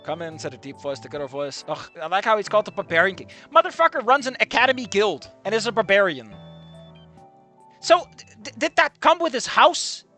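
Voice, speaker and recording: A man's voice: sits high, sing-song, a little fast, pushed and bright, soft background music. A man reading a story aloud casually and commenting on it with sarcastic, swearing asides. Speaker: reader and commentator.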